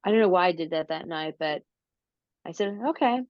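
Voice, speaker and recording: This is a lower-pitched woman, recorded dry and close with dull, lo-fi sound. She talks slowly and casually, drawing out her story with plenty of "um"s and restarts. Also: no echo. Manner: slow, drawn-out storytelling with many fillers. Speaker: interview guest, paranormal researcher. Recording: dull lo-fi audio.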